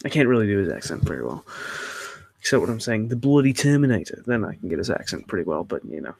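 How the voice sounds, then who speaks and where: A man's voice: sits low, sing-song, quick pace, creaky, slightly rough, no room sound. A young man hosting his channel, answering viewer questions in a rambling, hesitant way with many fillers and restarts. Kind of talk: casual Q&A chat.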